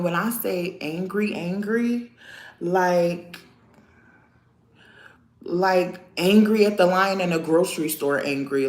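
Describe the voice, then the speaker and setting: A woman in her thirties chatting casually on a live stream, animated and talkative, calling out her viewers by name. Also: mid-range voice, reverberant. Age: 30s. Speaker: vlogger talking to live chat.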